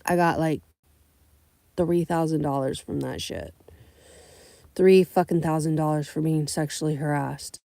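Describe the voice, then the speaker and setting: A young adult woman from California, a rideshare driver, telling profane, animated stories on a casual livestream. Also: sits low, a little slow, creaky, long pauses, no room sound. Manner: blunt, profane, animated storytelling.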